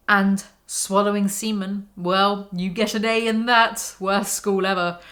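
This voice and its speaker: A woman's voice: medium pitch, level tone, unhurried, a bit bright. A woman reading a book aloud and mocking it in sarcastic, exasperated commentary. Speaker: YouTuber.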